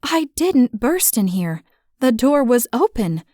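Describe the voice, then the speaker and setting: A composed young woman, voiced by a woman narrator in an audiobook, answering in careful, measured words with a frustrated edge. The sound is dry and close. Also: a little high, very animated, dark tone, no echo, pitched above the performer's own voice, heavily acted. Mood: defensive. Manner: measured, defensive.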